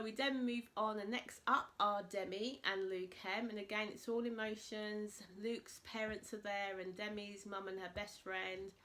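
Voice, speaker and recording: A woman chatting to camera, recapping a reality show and retelling it with animated quotes. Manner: animated retelling, voices quotes in a high excited pitch. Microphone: camera mic, speaking to camera.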